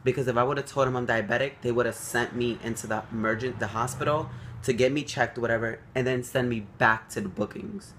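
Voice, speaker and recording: A young man telling a story to the camera, animated and swearing freely, acting out quotes. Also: brisk, slight background noise. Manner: animated, swears freely, acts out quotes with big jumps up in pitch. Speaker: vlogger.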